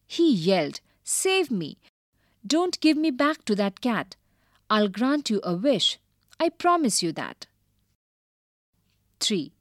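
A woman teacher reading a storybook aloud and explaining new words slowly and carefully. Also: medium pitch, dry recording, studio quality. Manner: slow, careful and expressive.

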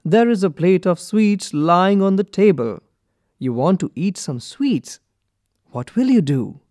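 A man reading a children's story aloud from a textbook, clear and deliberate for young learners. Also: high-pitched, lively intonation, a little mellow, no echo, studio quality. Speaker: textbook reader. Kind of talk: slow expressive storybook reading.

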